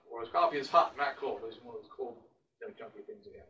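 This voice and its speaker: A priest giving an emphatic sermon, driving points home with rhetorical questions and repetition. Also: male voice, mid-range voice, fast, bright, forceful tone. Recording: voice picked up from a distance.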